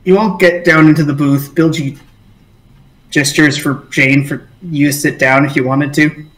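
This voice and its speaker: A man's voice: a little high, fairly even intonation, measured pace, a bit bright, echoey room, low-quality recording. A man narrating as game master, rambling with many fillers.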